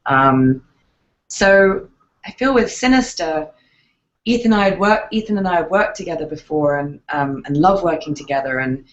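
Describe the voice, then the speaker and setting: A woman's voice: low-pitched, expressive, normal speed, highs cut off. A woman with an English accent, answering interview questions thoughtfully, with frequent fillers and restarts. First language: English accent in real speech. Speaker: actress interviewed as guest.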